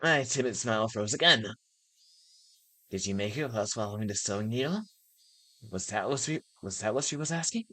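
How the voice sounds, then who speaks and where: A woman's voice: a bass voice, a little fast, pauses often. A woman streaming a visual novel, narrating its first-person text aloud and laughing at moments. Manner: laughs and reacts excitedly between passages.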